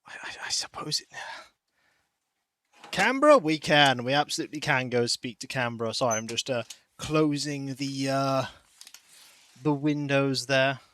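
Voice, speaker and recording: A man streaming a game from a warm room at home, rambling and chatty, greeting viewers by name and cooing softly to his cat. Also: medium pitch, animated, normal speed, long pauses. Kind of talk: casual stream chat.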